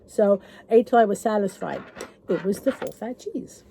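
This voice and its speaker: A woman's voice: medium pitch, expressive, normal speed, creaky, dark tone, a little hiss or hum. A middle-aged woman vlogger, talking to the camera in a chatty, rambling and encouraging way. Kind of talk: casual chat to camera.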